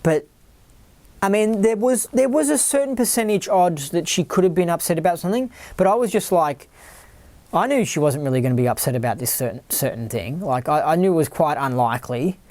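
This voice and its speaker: A podcast host rambles through a casual solo talk, stumbling over repeated words and leaning on fillers. The voice sits at an everyday middle pitch. The recording is dry and close, with almost no room sound. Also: animated, a little fast, a little mellow, dry recording. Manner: acts out other people's worried voices in a higher tone. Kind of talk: casual monologue.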